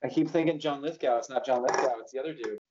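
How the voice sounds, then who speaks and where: A man with a mid-pitched voice banters about movies in a casual chat. He teases his co-hosts and wanders while searching for names. The audio is dull and lo-fi. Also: fast, background noise. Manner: teasing, wordy, trails off searching for names. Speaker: podcast co-host.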